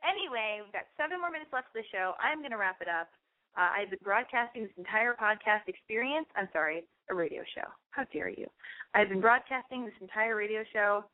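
A young woman hosting a radio show, chatting in a rambling, candid way. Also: mid-range voice. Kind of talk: casual monologue. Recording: phone-like lo-fi radio stream.

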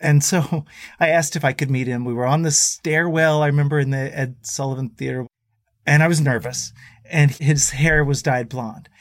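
A man guesting on a podcast, telling road stories in a casual, animated way and acting out the voices of people he quotes. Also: on the high side, moderate pace, dry recording, studio quality. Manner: animated storyteller who acts out quoted voices.

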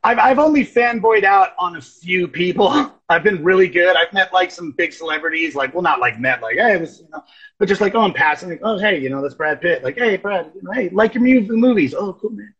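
A man with a high, husky voice talks loosely in casual chat. He strings stories together and acts out animated quotes. The recording sounds dull and lo-fi. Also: a little fast. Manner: rambling storyteller, animated quotes. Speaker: guest.

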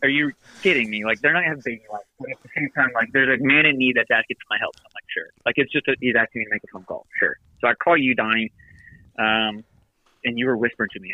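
A man casually telling a long, animated golf story on a podcast, often laughing and acting out what people said. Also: medium pitch, fast, slight background noise, low-quality recording. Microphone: phoned in.

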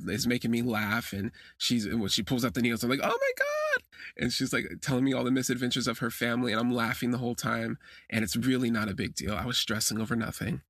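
A man with a gravelly, husky voice tells a confessional story on his podcast. His pitch leaps up when he acts out his own reactions. The recording is dry, made close on a phone. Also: dry recording. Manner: animated, jumps high when acting out his own reactions. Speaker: podcast host.

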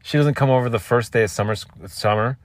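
A man's voice: medium pitch, fast, no echo. A man in his thirties hosting a solo podcast, telling a rambling, self-mocking story with casual swearing. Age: 30s. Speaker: podcast host.

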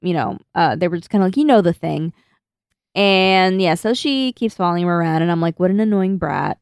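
A woman's voice: lowish voice, a little fast, gravelly, a little mellow, smooth, no echo, clean studio sound. A woman co-hosting a podcast, chatting casually and laughing as she reads out her notes. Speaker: podcast co-host. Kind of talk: casual chat recapping an anime.

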